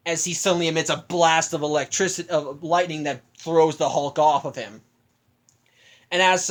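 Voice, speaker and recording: A man's voice: high-pitched, a bit bright. A young man casually recapping a film, rambling with frequent restarts and self-corrections.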